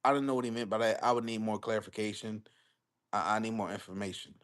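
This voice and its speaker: A man's voice: fairly low pitch, steady tone, fast talker, fairly bright tone. A young man, hosting a live stream. He talks casually about football, swears freely, and rambles through repeated phrases as he reacts to his chat.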